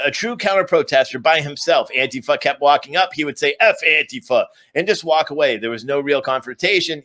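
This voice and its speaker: A man speaks to his live-stream viewers in a voice that sits a little high for a man. His commentary is sarcastic and ranting as he recaps events for them. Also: sharp tone. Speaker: livestream commentator.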